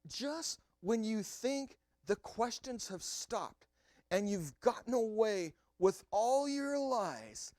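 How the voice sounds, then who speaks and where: A man preaching a sermon as pastor, animated and speaking directly to his listeners. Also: very high-pitched, no echo, studio quality. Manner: animated, talks straight to the congregation.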